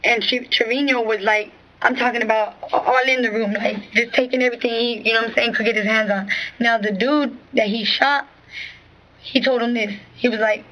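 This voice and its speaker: A woman with a somewhat high voice tells her account to an interviewer. She rambles, curses freely and keeps restarting her sentences with filler phrases. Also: fairly even intonation, moderate pace, bright, forceful tone, slight background noise, rough recording. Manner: rambling, profane, full of restarts and "you know what I'm saying". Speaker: witness being questioned.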